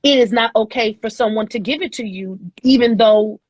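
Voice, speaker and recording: A woman's voice: a little high, slightly rough, dry recording. Thoughtful woman with a dull dry sound. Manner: thoughtful, measured, with fillers. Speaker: guest. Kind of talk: reflective casual chat.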